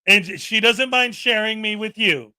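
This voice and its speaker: A man's voice: high voice, a little slow, sharp tone, dry recording. A man hosting a livestream who chats casually and jokes with viewers while reading the chat. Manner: upbeat, joking, reads chat. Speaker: livestream host.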